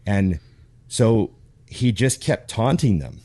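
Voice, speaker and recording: A man's voice: lowish voice, slow, dry recording. A man hosting a casual podcast, telling stories with lots of swearing and animation. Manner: animated storyteller, swears freely. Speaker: podcast host.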